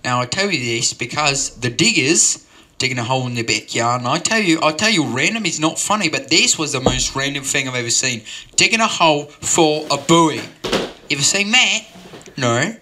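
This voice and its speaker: A man telling a rambling, absurd story at an open mic in a deadpan way, full of digressions. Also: on the high side, moderate pace.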